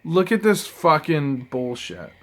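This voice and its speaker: A man reviewing trading cards in a casual vlog, rambling and swearing, swinging between mumbled asides and excited outbursts. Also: fairly high pitch, slow pace, a little hiss or hum. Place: apartment room.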